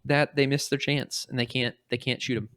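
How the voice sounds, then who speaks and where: A man's voice: mid-range voice, no room sound, clean studio sound. A man hosting a podcast, casually retelling a comic story and acting out the characters' lines. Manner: animated, acts out quotes in quick little voices. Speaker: podcast host.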